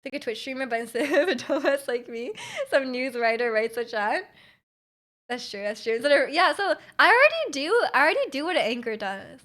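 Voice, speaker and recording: A woman's voice: on the high side, brisk, fairly bright tone. Chatty young Canadian woman streamer. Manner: rambling, trails off, frequent likes and laughs. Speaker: Twitch streamer. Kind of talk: casual chat with stream chat.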